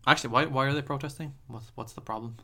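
A man co-hosting a podcast in casual chat, blunt and opinionated, often cutting in with quick retorts. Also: mid-range voice, steady tone, gravelly, pushed and bright. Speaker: podcast co-host.

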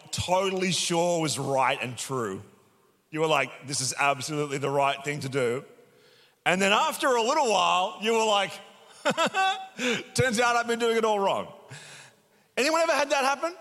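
A man preaching a casual, chatty sermon as executive pastor, upbeat, with many fillers and a slightly hoarse voice. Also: high-pitched, bright, forceful tone. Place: church auditorium. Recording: long hall reverb.

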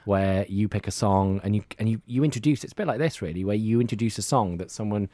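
A man's voice: fairly low pitch, fast, dark tone, no room sound. A man chatting in a radio interview, rambling and repeating words as he tells stories. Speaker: hospital radio presenter. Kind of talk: casual radio interview chat.

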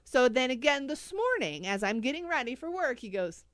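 A woman hosting a casual chat, telling a story in an animated way with frequent laughs and pleading asides. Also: high voice, normal speed, no room sound, studio quality.

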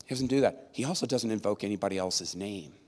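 Man, preacher, sermon, conversational and emphatic, fairly low voice, long hall reverb. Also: fast, a little mellow. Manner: conversational, emphatic, with tag questions.

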